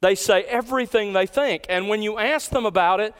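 Guy preaching a sermon, kinda high voice, clear and ringing, hammers key lines slow. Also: a bit bright. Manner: emphatic, repeats key lines slowly for emphasis. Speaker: pastor.

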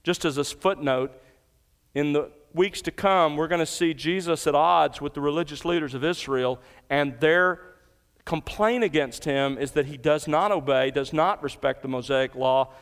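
Emphatic preaching man, smooth voice. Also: normal speed. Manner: emphatic, swells up on key points and drops low for quotes. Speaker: pastor. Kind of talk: expository sermon.

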